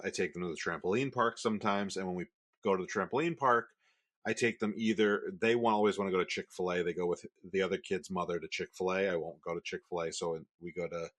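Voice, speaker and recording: A man's voice: deep voice, a bit bright. A man in his thirties co-hosting a podcast, telling stories about his son in a rambling casual way with many restarts. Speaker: podcast co-host. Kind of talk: casual chat.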